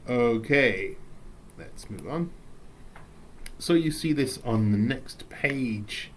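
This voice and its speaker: A man from England with an English accent, teaching a recorded English lesson, reading slowly and adding playful asides. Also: medium pitch, expressive, a little hiss or hum.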